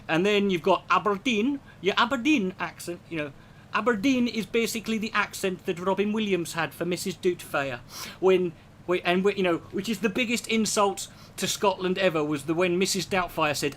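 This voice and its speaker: A man's voice: high-pitched, normal speed, a bit bright, a little hiss or hum. A man performing a stand-up comedy routine, rambling and profane, slipping into impressions.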